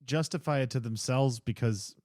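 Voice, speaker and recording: A man co-hosting a casual book podcast, retelling the plot with lively voices for the characters. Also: moderate pace, dry recording, clean studio sound. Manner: animated retelling, acting out characters with pitch swings. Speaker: podcast co-host. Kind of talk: casual book club chat.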